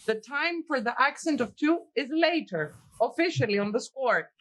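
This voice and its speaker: A woman's voice: sits high, expressive, moderate pace. A woman teaching a piano masterclass, giving direct instructions and counting beats aloud.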